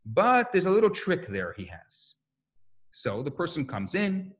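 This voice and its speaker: Animated male rabbi giving a lecture. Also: sits high, normal speed. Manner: animated, acts out quotes, repeats words when restarting. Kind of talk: storytelling lecture.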